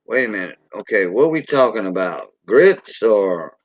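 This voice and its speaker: A man's voice: fairly low pitch, very animated, moderate pace, no room sound. Folksy Cajun man on a lo-fi stream. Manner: rambling, folksy, greets viewers by name. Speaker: livestream host. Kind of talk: casual livestream chat. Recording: dull lo-fi dry sound.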